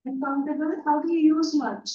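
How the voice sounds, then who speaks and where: Speaking at normal speed with fairly even intonation, this high-voiced woman leads an online English grammar class from a room. She checks in patiently with frequent "yeah?" and "right?", and the recording sounds roomy, distant and dull.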